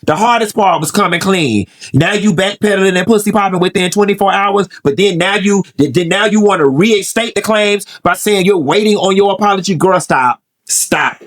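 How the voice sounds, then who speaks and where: A man's voice: high voice, brisk, few pauses. A man hosting celebrity gossip commentary, ranting in a sassy, blunt and profane way. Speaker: host.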